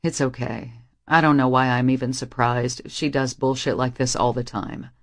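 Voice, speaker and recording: A woman voicing a guarded young male musician in an audiobook, speaking low, firm and wry. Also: steady tone, normal speed. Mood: low and steady.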